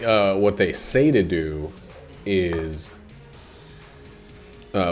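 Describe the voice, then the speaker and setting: A man with a very deep voice talks loosely while he plays a video game. He wanders from story to story with plenty of "uh" and "like", and he swears casually. Faint game music runs underneath. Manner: meandering, swears casually, many fillers. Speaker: gameplay commentator. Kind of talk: casual rambling commentary over gameplay.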